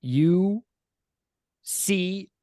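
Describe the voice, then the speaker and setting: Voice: medium pitch, very slow, dark tone, no room sound. Dm narrating a tabletop game, loose and giggly, dry close sound. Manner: laughing, loose, filler-heavy. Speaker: game master.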